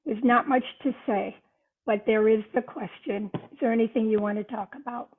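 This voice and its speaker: A woman's voice: a little high, steady tone, moderate pace. An older woman, a guest author, telling a personal story in an earnest way during a podcast conversation. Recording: tinny phone-line sound.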